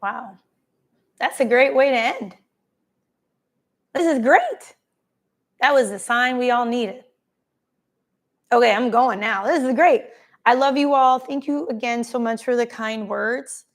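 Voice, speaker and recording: A woman's voice: a little high, unhurried. A woman hosting a casual live stream, effusively reading and thanking viewers' comments by name. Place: travelling, streaming from a holiday spot.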